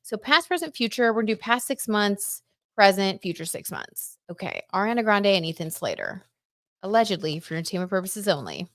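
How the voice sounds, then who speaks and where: Very animated and a little fast, this woman's mid-range voice carries a casual tarot livestream. She chats freely, reads viewer comments aloud, and says "like" and "I don't know" a lot, in a studio-quality recording with no room sound.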